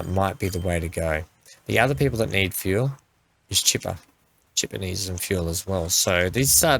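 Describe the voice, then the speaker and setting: Bright-voiced male gaming commentator. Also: lowish voice, dry recording. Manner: chatty, talks to the game's vehicles. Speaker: gaming channel host. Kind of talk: let's play commentary.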